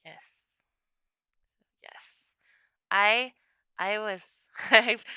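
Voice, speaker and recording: Animated bright-voiced young woman streamer. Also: high voice, a little slow, no room sound, studio quality. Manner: chatty, laughing often, acting out her own quotes. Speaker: livestreamer. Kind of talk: casual livestream chat. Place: home room.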